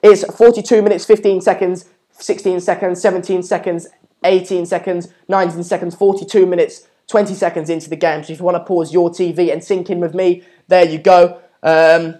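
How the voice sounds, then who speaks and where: A man's voice: high-pitched, flat delivery, brisk, warm tone. Chatty young man hosting a football watchalong. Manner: chatty, lots of ums, urges viewers to subscribe. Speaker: live stream watchalong host. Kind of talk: live football watchalong commentary, reading chat.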